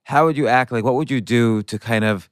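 A man's voice: medium pitch, brisk, clean tone, no room sound, studio quality. A man hosting an interview, asking curious questions and searching for words as he goes. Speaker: interviewer, host.

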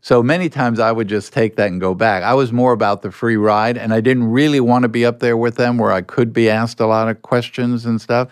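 An older man, a guest being interviewed, telling anecdotes in a relaxed way and acting out bits of dialogue. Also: mid-range voice, brisk, few pauses, smooth, no room sound, clean studio sound. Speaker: guest, former con artist. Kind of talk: storytelling interview answers.

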